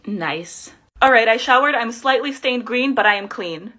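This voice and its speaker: A woman's voice: fairly high pitch, animated, normal speed, few pauses, bright, forceful tone. A young woman chatting casually and joking at her own expense while she peels off special effects makeup for her vlog. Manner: chatty, joking, self-mocking. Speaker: makeup vlogger.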